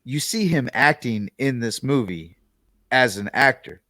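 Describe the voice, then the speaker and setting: A man's voice: mid-range voice, lively intonation, unhurried, pushed and bright, dry recording. Man, podcast co-host, easygoing chat, medium voice, dry room. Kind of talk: casual chat.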